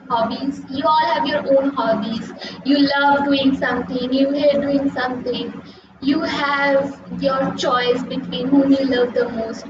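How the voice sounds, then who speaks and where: Young woman, teacher, patient and repetitive, heavy echo, far from mic. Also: high-pitched. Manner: patient, repeats and checks with "okay?" and "right?". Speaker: English teacher. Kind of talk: live online class teaching. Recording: echoey, distant and muffled.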